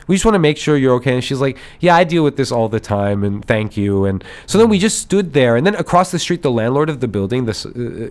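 A man hosting a podcast, telling a story in a casual, rambling way, acting out the voices of other people and laughing as he goes. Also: medium pitch. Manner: animated, rambling storyteller who acts out voices and laughs often. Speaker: podcast host.

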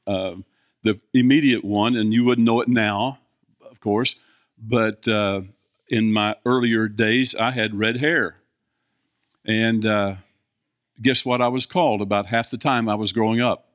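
A man's voice: lowish voice, steady tone, a little slow, no echo, clean studio sound. An older man, preaching a folksy sermon, chatting with the congregation, asking questions and chuckling often.

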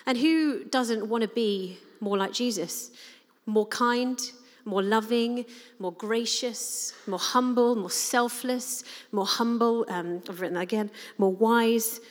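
A woman's voice: a little high, slow. A woman giving a sermon in an earnest, conversational way with frequent "um" fillers. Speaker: preacher. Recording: reverberant hall.

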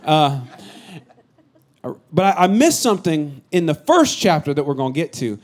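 A middle-aged man from the Bay Area preaching a sermon as pastor, animated and joking with his congregation. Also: high-pitched, normal speed, long pauses. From San Francisco Bay Area. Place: church hall with a congregation.

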